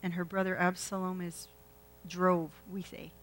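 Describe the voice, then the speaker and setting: A woman's voice: fairly low pitch, flat delivery, a little slow, slight background noise, poor audio. A woman preaching a sermon, retelling a scripture story in a chatty way and putting questions to the congregation. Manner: conversational, asks the congregation questions.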